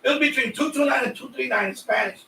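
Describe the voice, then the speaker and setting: A high-pitched, gravelly-edged man from a Puerto Rican family in New York rambles through a casual live stream, circling back and repeating himself. He is sweaty from the heat. He sits a little away from the mic in a roomy, echoey space with faint noise behind him. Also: fast talker, pushed and bright. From Puerto Rican family, raised in New York. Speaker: radio hobby live streamer. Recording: echoey room, voice a bit far off.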